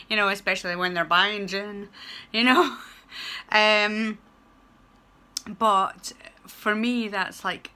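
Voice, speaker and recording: A Scottish woman in her thirties talks to camera in a relaxed vlog, slipping into little exchanges in a squeaky high voice. Her voice is clear and bright and sits a little above the usual pitch, chatty and openly emotional. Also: moderate pace. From Scotland. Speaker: vlogger and student teacher. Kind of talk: casual vlog chat.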